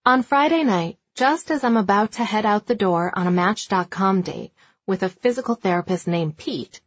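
Breathy woman narrating an audiobook. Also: mid-range voice, moderate pace, dry recording, lo-fi sound. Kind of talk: first-person audiobook narration.

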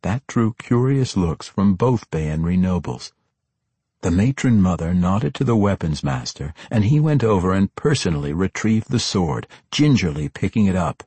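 Casting: husky-voiced male narrator, low and unhurried, dry close recording. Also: very animated, dark tone, dry recording. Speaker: audiobook narrator. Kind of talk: scripted fantasy narration.

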